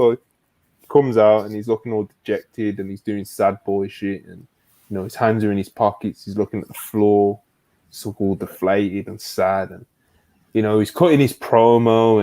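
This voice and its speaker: A man co-hosting a podcast in casual chat, excitable, swearing freely and retelling events at length. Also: on the low side. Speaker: podcast co-host.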